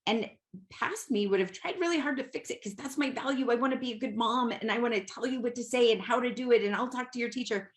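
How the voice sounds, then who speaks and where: A woman's voice: a little high, fast. Casting: middle-aged woman, candid and tearful-open, talking from home over a call. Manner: open, emotional, searching words with fillers. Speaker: client guest, corporate executive. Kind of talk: personal conversation on a podcast.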